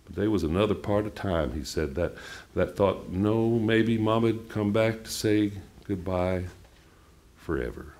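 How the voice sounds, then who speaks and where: A man reading a novel aloud at a live event, with storytelling delivery and soft trailing line ends. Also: fairly low pitch, measured pace. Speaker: guest reader.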